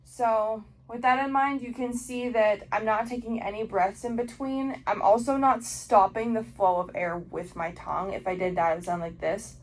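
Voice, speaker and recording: A woman's voice: a little high, fairly even intonation, normal speed, hardly any pauses, low-quality recording. A young woman teaching oboe articulation in a casual instructional video, explaining with frequent ums and likes.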